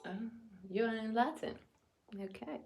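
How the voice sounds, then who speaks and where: A young woman chatting casually while she eats, halting and restarting, sometimes murmuring or whispering. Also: fairly high pitch, vocal fry, darkish tone, soft background music. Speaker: vlogger. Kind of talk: casual eating vlog chat.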